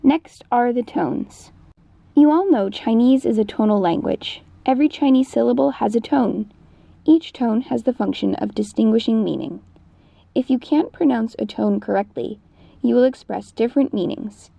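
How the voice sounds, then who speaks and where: A woman's voice: on the high side, moderate pace, creaky, mellow. A woman teaching a recorded Mandarin lesson, explaining patiently in scripted narration. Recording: dull lo-fi recording.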